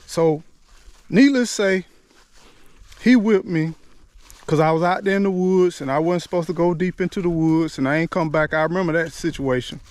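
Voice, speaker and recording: A man's voice: on the high side, moderate pace, darkish tone, no room sound. A man telling a personal childhood story in an earnest, repetitive, informal way. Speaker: speaker sharing life lessons.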